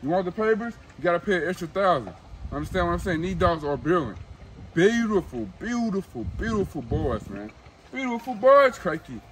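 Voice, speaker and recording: A man's voice: sits high, big pitch swings, normal speed, fairly bright tone, low-quality recording. A young man filming with his phone outdoors, selling puppies in a hyped, slangy way and repeating himself a lot. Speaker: dog breeder. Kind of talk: casual sales video.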